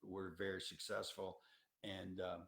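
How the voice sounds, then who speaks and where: A man's voice: deep voice, little pitch movement, a little slow, creaky, fairly bright tone. Man telling road stories in a roomy echo. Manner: folksy, emphatic storytelling with many restarts. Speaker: tour coordinator. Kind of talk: educational talk to students.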